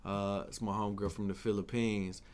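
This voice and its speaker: A man's voice: fairly low pitch, flat delivery, a little fast, a little mellow. A young man co-hosting a podcast, chatting casually with lots of slang and swearing. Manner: profane, laid-back slang, frequent "you know what I'm saying". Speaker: podcast co-host. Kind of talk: casual chat.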